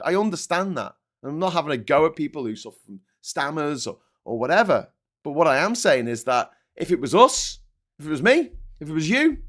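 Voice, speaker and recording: A man hosting his own channel, delivering a heated, sarcastic and sweary political rant. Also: medium pitch. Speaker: vlogger host.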